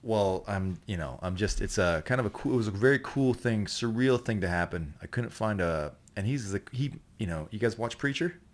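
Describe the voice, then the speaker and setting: A man with a very low, deep voice tells a story in casual podcast chat. He rambles and swears freely, with sudden loud, laughing bursts. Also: animated, moderate pace, few pauses. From Canada. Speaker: podcast guest.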